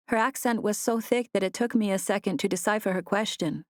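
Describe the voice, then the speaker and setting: A woman reading a novel aloud in first person, in a measured storytelling manner, on a close studio mic. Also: medium pitch, no echo. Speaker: audiobook narrator. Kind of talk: scripted first-person narration.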